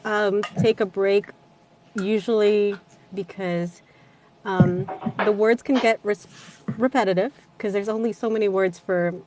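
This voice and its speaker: A woman's voice: mid-range voice, steady tone, unhurried, darkish tone, slight background noise. A woman narrator of audiobooks in casual chat, laughing often and swearing casually.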